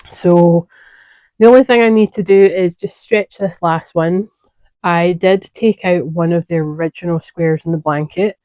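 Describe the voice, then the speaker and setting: A woman's voice: on the low side, measured pace, long pauses, dark tone, no echo. A woman hosting a knitting podcast, chatting casually and wandering off on asides as she shows her projects. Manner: chatty, digressive, self-correcting.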